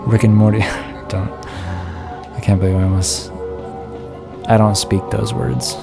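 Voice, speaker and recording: A man's voice: on the low side, little pitch movement, a little slow, music in the background. A tired man streaming a horror game, rambling and self-mocking as he talks to his chat while keeping his voice down late at night. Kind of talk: casual live-stream commentary.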